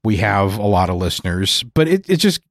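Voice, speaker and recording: A man's voice: on the low side, big pitch swings, brisk, no echo, clean studio sound. Earnest man rambling in casual chat. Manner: earnest, rambling, with many fillers. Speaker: podcast host. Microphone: studio mic.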